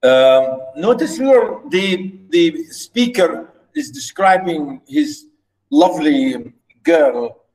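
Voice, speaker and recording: A man giving a university lecture on poetry, reading verse aloud slowly and often repeating himself with fillers. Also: sits high, big pitch swings, vocal fry, a little mellow, rough recording. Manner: slow, with frequent repetitions and fillers.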